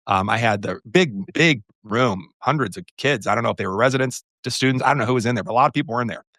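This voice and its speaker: A man on a podcast in relaxed conversation. He tells his story with animation and slips into the voices of the people he quotes. His voice sits at a middle pitch and sounds close and dry, with no room echo. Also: fast. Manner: animated storyteller who acts out quoted exchanges. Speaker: podcast co-host.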